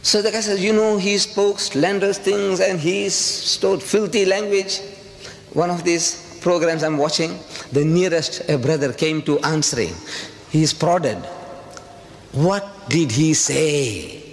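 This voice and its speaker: A man's voice: sits high, fairly even intonation, measured pace. A man from South Africa giving a public lecture, talking emphatically with repeated rhetorical questions. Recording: reverberant hall with faint ambient noise.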